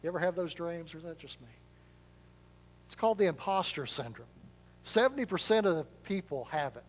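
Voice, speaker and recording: A man delivers a sermon from a church sanctuary, his voice sitting a little high for a man. Long reverb from the large hall trails behind each phrase. He preaches in a chatty, self-deprecating way. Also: lively intonation, fairly quick. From Arkansas, US. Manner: conversational, self-deprecating storytelling. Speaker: pastor.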